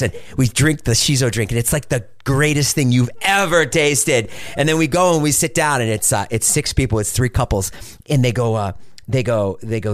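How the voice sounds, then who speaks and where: A man's voice: medium pitch, normal speed, no room sound. A young man telling a story in casual chat, acting out the people in it and swearing freely. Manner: animated storyteller, acts out voices, swears freely.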